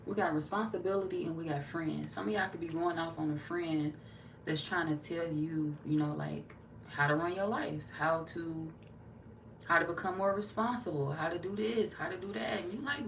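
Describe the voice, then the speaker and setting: A woman delivers a casual tarot reading, blunt and full of cursing, acting out the voices of the people she talks about. Her voice sits on the low side. She sounds a little distant from the mic, with faint noise behind her. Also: normal speed. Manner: blunt, profane, animated, slips into quoted voices. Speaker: tarot reader.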